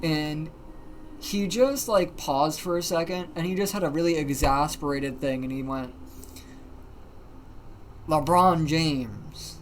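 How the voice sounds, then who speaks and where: A livestreamer telling a story in casual, animated talk, swearing often and using plenty of fillers. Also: medium pitch, moderate pace, a little hiss or hum. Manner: animated, profane, many fillers.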